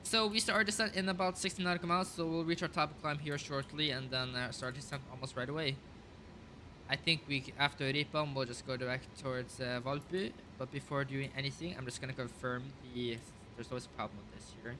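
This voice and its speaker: Bright-voiced man narrating a flight sim. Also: medium pitch, fairly even intonation, brisk, slight background noise. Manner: thinks aloud, calls out checklist items with many fillers. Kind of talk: casual flight sim commentary.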